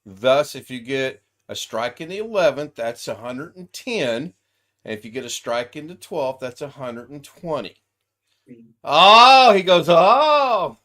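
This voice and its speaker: A man's voice: mid-range voice, lively intonation, moderate pace. Easygoing man on a desk mic hosting a live quiz chat, reads out viewer comments. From United States. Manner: chatty, laughs often, reads viewer comments aloud. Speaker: livestream host. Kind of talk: casual chat on a live video call. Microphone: desk microphone.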